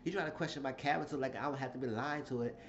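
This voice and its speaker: A man casually recapping a reality show episode, telling it in an animated, profane way. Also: very fast, lo-fi sound, slight background noise. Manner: animated storytelling, shifting into high acted quotes.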